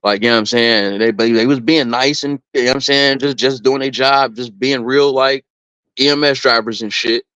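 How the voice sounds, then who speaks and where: A man's voice: medium pitch, steady tone, normal speed, sharp tone, smooth, dry recording. Rambling, profane man on a dull stream. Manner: rambling, profane, repeats words. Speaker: guest on a live stream. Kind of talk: casual storytelling chat.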